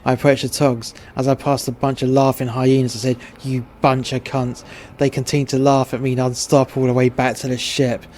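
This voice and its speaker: A man's voice: mid-range voice, little pitch movement, a little fast, few pauses, a little mellow. A man with an English accent narrating a short story in a crude, blunt way. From England.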